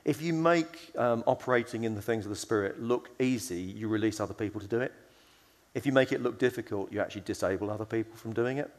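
Quick and fairly low-pitched, this man's voice rings with a long reverb tail. He's giving a conference sermon in a chatty, storytelling manner, acting out the voices he quotes, full of fillers and restarts.

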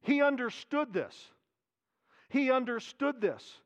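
A man delivers a sermon in a fairly high voice. He preaches with animation, repeating his key phrases for emphasis. He swings between raised emphasis and quiet, hushed asides. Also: lively intonation, slow. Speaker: pastor.

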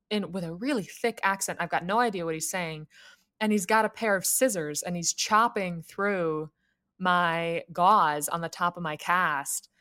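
An American woman, a young adult, co-hosting a podcast and telling a personal story in a casual, animated way, laughing often. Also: on the low side. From United States. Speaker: podcast co-host.

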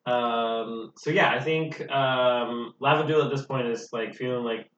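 A man's voice: medium pitch, a little slow, fairly bright tone. A man playing a tabletop game casually, joking and laughing often. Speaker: player. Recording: distant echoey muffled mic.

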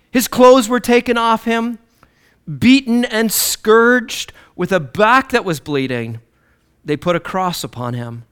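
A man preaching a sermon, swinging between loud declarations and low, hushed lines. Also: clear, resonant tone.

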